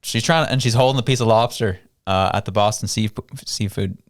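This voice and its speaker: A man's voice: fairly low pitch, a little fast, no room sound, studio quality. A Canadian man co-hosting a podcast in casual political chat, mocking and jokey, laughing often. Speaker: podcast co-host.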